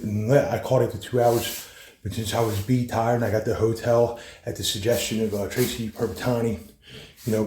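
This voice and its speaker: A man's voice: mid-range voice, darkish tone, a little hiss or hum. A man telling a rambling personal story, profane and repetitive, with many restarts. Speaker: son recounting his mother's death.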